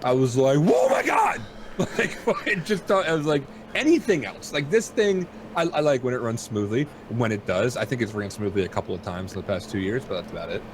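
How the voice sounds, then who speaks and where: A man's voice: medium pitch, expressive, quick pace, few pauses, background noise. A man hosting a podcast from home, telling a rambling, self-deprecating story in casual chat. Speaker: podcast host.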